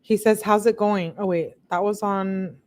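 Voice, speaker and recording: A woman hosting a show, reading text messages aloud in a plain, steady way and breaking off for blunt, disbelieving asides to her viewers. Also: mid-range voice, measured pace. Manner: reads chat comments aloud to viewers. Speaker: channel host.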